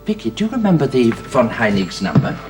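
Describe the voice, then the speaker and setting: An actor playing a flustered, courteous old gentleman. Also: mid-range voice, sing-song, fairly quick, over music, natural voice. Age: older. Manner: formal and polite, hesitant with many ums. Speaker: grandfather of the household. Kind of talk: 1930s period radio drama.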